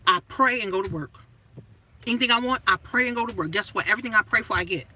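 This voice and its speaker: A woman money coach launches into a blunt, profane motivational rant packed with rhetorical questions, her punchy, emphatic phrasing swinging between loud and hushed. Her voice is mid-range and fast, and the recording is rough.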